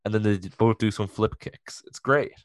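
A man co-hosting a podcast, chatting casually and excitedly about a TV episode, joking a lot and saying "like" often. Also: on the low side, normal speed, no room sound, clean studio sound. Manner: excitable and jokey, with many "like" fillers. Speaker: podcast co-host. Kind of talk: casual chat reviewing a TV episode.

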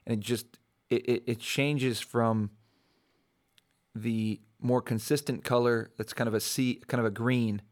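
A man's voice: medium pitch, fairly even intonation, a little slow. A man hosting his own podcast, talking casually and reflectively, rambling with many restarts and fillers. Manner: reflective, easygoing. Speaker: podcast host. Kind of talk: casual solo podcast monologue.

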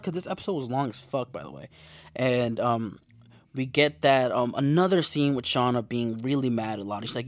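A man's voice: medium pitch, expressive, fairly quick, dry recording. A young man giving a casual, slangy episode recap and reading out his own notes. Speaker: show recap vlogger.

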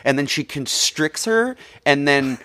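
A man's voice: fairly high pitch, unhurried, no echo, clean studio sound. A man co-hosting a podcast, chatting casually and swearing freely. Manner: swears freely, animated storytelling. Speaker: podcast co-host. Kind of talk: casual chat.

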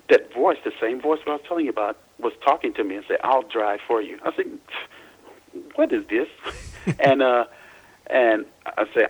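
A man from Louisiana, a guest in a casual phone interview, telling his story in a halting way full of restarts and repeats. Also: fairly low pitch, slightly rough, low-quality recording.

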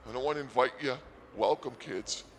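A man's voice: mid-range voice, fairly quick. A man hosting a comedy podcast, rambling sarcastically and mock-boastfully about his day at a casino.

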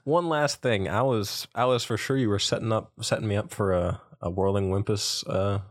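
A man's voice: lowish voice, moderate pace. A man co-hosting a podcast in casual chat, rambling and hesitant as he works through his thoughts. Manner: rambling, hesitant, lots of fillers and restarts. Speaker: podcast co-host.

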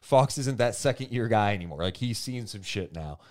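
A man's voice: lowish voice, moderate pace. A man co-hosting a basketball podcast in casual, filler-heavy chat. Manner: animated, lots of fillers. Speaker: podcast co-host.

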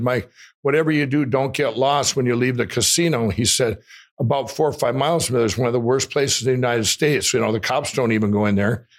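An excitable man telling a rambling personal story as an interview guest, often laughing while he talks. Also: medium pitch. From Minnesota. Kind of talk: animated storytelling.

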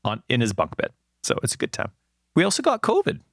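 A man in his thirties, co-hosting a casual chat and telling rambling, animated stories with lots of fillers. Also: mid-range voice, quick pace, dry recording, studio quality. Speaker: podcast co-host.

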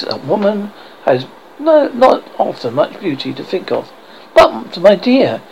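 A reader voicing an excitable, fussy middle-aged mother who talks insistently. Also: medium pitch, creaky, a little hiss or hum, rough recording. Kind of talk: audiobook character reading.

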